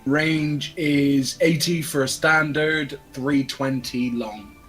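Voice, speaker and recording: A man's voice: fairly high pitch, steady tone, slow, fairly bright tone, reverberant, distant mic, faint music behind, poor audio. A man playing a tabletop game, chatting casually over voice chat. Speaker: player.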